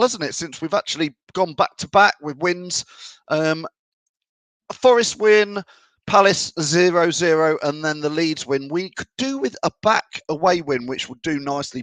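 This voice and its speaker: A man's voice: fairly high pitch, a bit bright, no echo. A man hosting a fan show, reading out viewer comments and bantering in a chatty way. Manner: chatty, banter-filled, laughs often. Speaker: fan channel show host.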